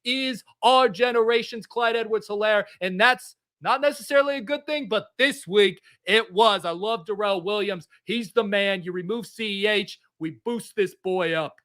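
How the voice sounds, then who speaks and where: A man's voice: high-pitched, moderate pace, fairly bright tone. A man putting on a swaggering Italian-American mobster. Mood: boastful. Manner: boastful, hammy, keeps saying okay. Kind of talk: comedic podcast bit.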